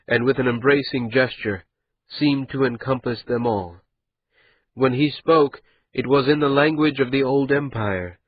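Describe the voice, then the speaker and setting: A man reading a fantasy novel aloud in a measured, even style of scripted narration. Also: mid-range voice, husky, no echo, dull audio. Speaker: audiobook narrator.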